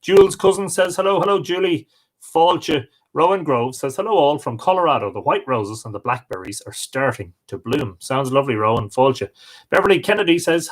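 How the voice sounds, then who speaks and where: A man's voice: on the high side, a bit bright. Cheerful Irish man hosting a live stream. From Ireland. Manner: cheerful, greets viewers by name. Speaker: host.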